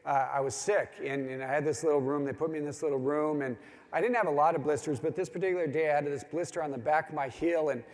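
Speaking to a men's gathering, a middle-aged preacher tells earnest stories, his emphasis rising until it pleads. His voice is fairly high, a little mellow, steady in tone and fast, echoing with long hall reverb.

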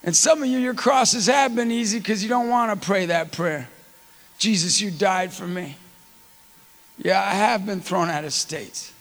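A middle-aged man preaching a sermon with personal stories, impassioned and often rising to near-shouts. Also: high-pitched, moderate pace, gravelly, few pauses, long reverb tail.

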